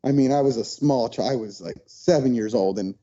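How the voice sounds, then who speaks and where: Dark-voiced man telling stories animatedly. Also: mid-range voice, a little fast, dull audio. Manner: animated storyteller, acts out quotes. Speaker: podcast guest. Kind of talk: casual storytelling interview.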